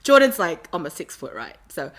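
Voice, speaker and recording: A woman's voice: fairly low pitch, sing-song, brisk. A woman from Sydney, a podcast guest telling stories animatedly and often laughing. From Australia. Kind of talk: casual storytelling interview.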